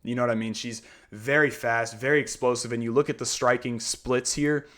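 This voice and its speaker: A man's voice: mid-range voice, steady tone, fairly quick, a bit bright. A man hosting a fight predictions breakdown, talking casually and ranting heatedly, tagging sentences with "man" and "you know what I mean".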